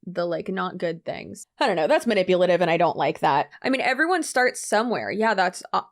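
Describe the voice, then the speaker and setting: A woman's voice: fairly low pitch, expressive, fairly quick, hardly any pauses. A woman hosting a reaction commentary channel, sarcastic and exasperated as she picks apart clips.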